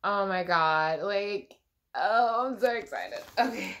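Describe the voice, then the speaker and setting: A woman's voice: mid-range voice, expressive, takes it slowly, a bit bright, a little hiss or hum. A young woman vlogging a casual pregnancy update, chatty and gushing, with lots of ums and likes. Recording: echoey room.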